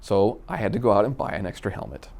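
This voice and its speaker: A man from Minnesota telling a personal story in a casual, animated way, acting out the dialogue. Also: on the low side, fast, gravelly. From Minnesota, USA. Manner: animated, acts out quoted dialogue. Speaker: storyteller guest.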